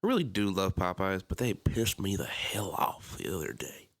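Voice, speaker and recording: Podcast co-host, male, low voice, lively ranting storyteller. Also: normal speed. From Pennsylvania. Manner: animated storytelling, acts out his own anger. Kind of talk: casual chat.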